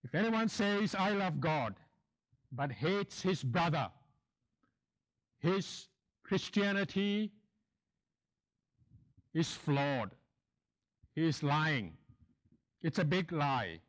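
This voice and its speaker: Slow-preaching man with a higher voice. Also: sing-song. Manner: emphatic, repeats phrases for stress. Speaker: pastor. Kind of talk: sermon.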